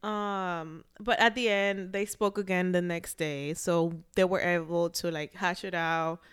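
A woman co-hosting a podcast in casual chat, animated, laughing often and swearing casually. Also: lowish voice, measured pace, clean tone. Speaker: podcast co-host.

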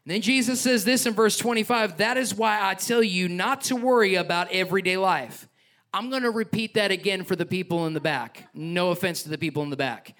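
Pastor preaching, higher voice, bright and sharp, gets passionate and jokey. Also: male voice, a little fast. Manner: passionate, joking asides, reads scripture aloud. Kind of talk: sermon.

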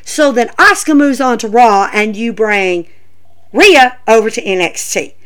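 A woman's voice: fairly high pitch, a little slow. A woman hosting a podcast, giving casual, ranting commentary full of fillers and exclamations. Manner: animated, ranting, lots of fillers. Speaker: podcast host.

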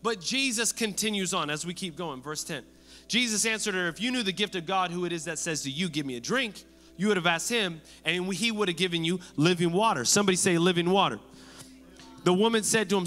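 A pastor in full sermon flow, his voice high and bright with a forceful edge. He preaches in a lively, conversational way and briefly acts out the people he quotes. His voice rings through a big reverberant church hall over soft background music. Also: a little fast.

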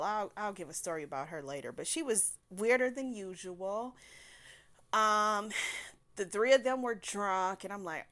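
A young woman with a lilt tells a personal story in a loose, conversational way. Her voice is bright and forceful, and she breaks into laughter and curses freely as she talks. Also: mid-range voice. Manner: candid, laughs often, swears freely.

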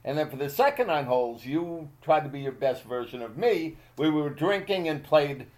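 A man's voice: on the high side, expressive, normal speed, a little mellow. A man in his thirties hosting a casual podcast chat, teasing his friend and laughing often. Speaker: podcast host.

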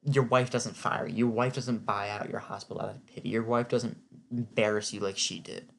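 A man's voice: on the low side, fairly even intonation, normal speed, vocal fry, a bit bright, a little hiss or hum. A man giving a casual, opinionated spoken recap, chatty and filling his talk with "like". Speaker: TV recap vlogger.

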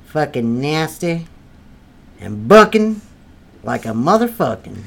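A man's voice: a little high, big pitch swings, takes it slowly, creaky, a bit bright, exaggerated voice. A man playing a crude, foul-mouthed redneck landlord from North Carolina, blustering through an improvised comedy sketch. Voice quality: profane, blustering, drawling. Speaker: comedy podcast character.

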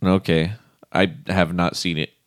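A man's voice: low voice, level tone, a little slow, no room sound, studio quality. A man chatting casually about cars, laid-back, laughing often and swearing now and then. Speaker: co-host. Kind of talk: casual chat.

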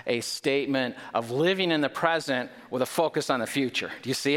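A man's voice: mid-range voice, fast, few pauses, a bit bright. A male pastor preaches with growing fervor. He tosses in wry jokes and leans hard into key points. His voice rings out through a large hall with a long, lingering reverb. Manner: emphatic, with joking asides and rising intensity. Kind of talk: sermon.

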